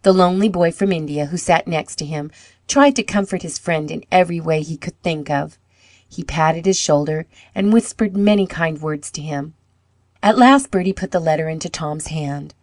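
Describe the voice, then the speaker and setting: A woman's voice: low voice, normal speed, a little mellow, dry recording, clean studio sound. Woman reading a storybook aloud.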